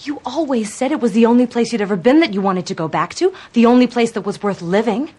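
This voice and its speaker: An actress playing a restless young 1950s wife in film dialogue, with a breathy voice. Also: female voice, on the high side, quick pace, a little mellow, natural voice. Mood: hopeful.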